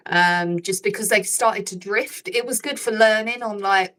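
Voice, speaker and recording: A woman's voice: mid-range voice, a little slow, a bit bright, low-quality recording. A young woman with an English accent talks casually as a podcast guest. Her speech is chatty, full of fillers and restarts. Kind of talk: casual chat.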